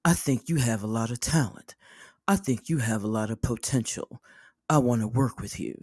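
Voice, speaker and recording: Woman doing an impression of a quiet, low, slow-talking male music star. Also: husky, no room sound, studio quality, lightly acted. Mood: soft, earnest. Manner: low, hushed, drawn-out speech. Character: soft-spoken male music star, intense, teasing.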